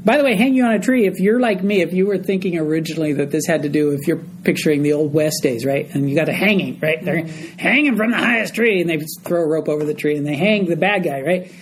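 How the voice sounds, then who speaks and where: A man's voice: fairly high pitch, quick pace, few pauses, a little hiss or hum, poor audio. A man teaching a group Bible study, explaining a passage verse by verse and often checking in with his listeners.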